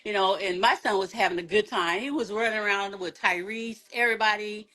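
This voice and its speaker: A woman's voice: medium pitch, a little fast. A woman from Memphis, a guest telling a story in a casual interview and acting out what people said. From Memphis, Tennessee. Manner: animated, acts out quotes, laughs often.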